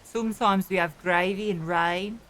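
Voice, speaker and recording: A gruff Birmingham gangster, put on by a woman in a streamed roleplay game. He talks slowly and deadpan in a thick Brummie accent, with a bright edge. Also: on the low side, lightly acted. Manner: slow and deadpan.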